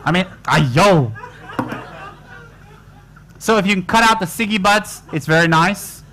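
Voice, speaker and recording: A man's voice: high voice, fairly quick, bright, forceful tone, a little hiss or hum. A man giving a joking, colloquial dharma talk to retreat students. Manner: joking, teasing, colloquial asides. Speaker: Buddhist teacher.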